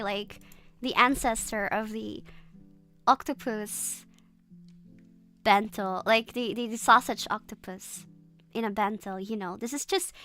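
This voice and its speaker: A woman streamer chatting casually and loudly, laughing often, swearing freely and apologizing over and over. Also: a little high. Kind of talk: casual livestream chat.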